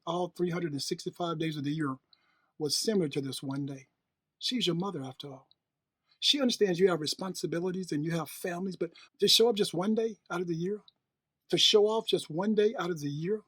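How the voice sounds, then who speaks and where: Husky-voiced preachy man. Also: sits high, fairly bright tone, dry recording. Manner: preachy, rhetorical questions, emphatic repetition. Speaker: host. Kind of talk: motivational monologue.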